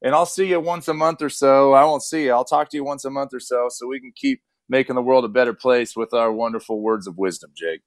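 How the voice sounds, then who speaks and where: A man's voice: medium pitch, a little fast, hardly any pauses, no room sound. A man in his thirties co-hosting a casual sports podcast, joking and sarcastic as he chats. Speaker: podcast co-host, former player.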